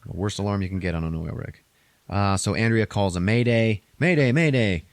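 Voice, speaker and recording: Low-voiced man swearing through a movie recap. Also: a little fast, no echo. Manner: profane, rambling, acts out characters' lines in a raised voice. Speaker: podcast host recapping a movie.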